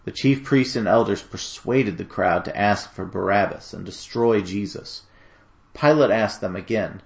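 A man narrating a dramatic scripture reading in a steady, solemn storytelling manner. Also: on the low side, measured pace, vocal fry.

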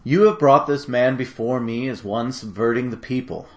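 A man's voice: medium pitch, moderate pace, natural voice. A man voicing a troubled, wavering Roman governor who questions and pleads with a crowd, in a dramatic scripture reading. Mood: reasoning.

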